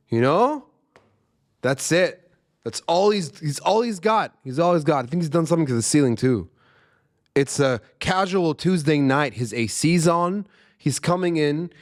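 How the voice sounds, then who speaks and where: A young man, hosting a music reaction channel and giving casual, emphatic commentary that repeats its points. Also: fairly high pitch. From Arab world. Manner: excited, emphatic, repeats himself.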